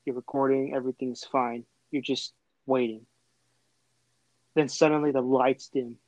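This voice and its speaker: A man's voice: medium pitch, steady tone, unhurried, a little mellow, no room sound, dull audio. A young man from Texas, hosting a casual chat and telling a long, rambling story full of fillers and restarts. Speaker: host.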